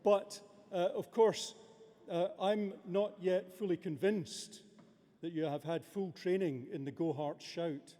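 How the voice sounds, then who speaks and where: Man, formal ceremony speech, good-humoured, hesitant, fairly high voice, mellow tone, long abbey reverb. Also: steady tone, slow pace. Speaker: university official presiding over a graduation ceremony. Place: large abbey.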